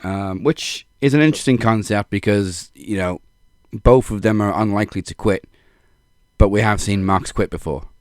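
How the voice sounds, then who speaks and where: Low, laid-back wrestling podcast man. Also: moderate pace, no echo, clean studio sound. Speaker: podcast co-host. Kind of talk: casual wrestling chat.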